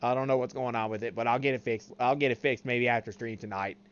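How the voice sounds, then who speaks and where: A male streamer chatting casually and haltingly while he sets up his stream. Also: medium pitch, fairly even intonation, smooth, muffled recording. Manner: halting, full of fillers while setting up. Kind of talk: casual live-stream chat.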